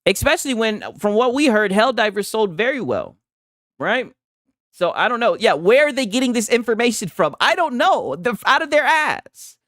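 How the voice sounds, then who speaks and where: A man's voice: very high-pitched, very animated, normal speed, a bit bright, no echo, clean studio sound. A man hosting a casual gaming livestream, reading chat aloud, talking loose and profane with frequent laughs and restarts.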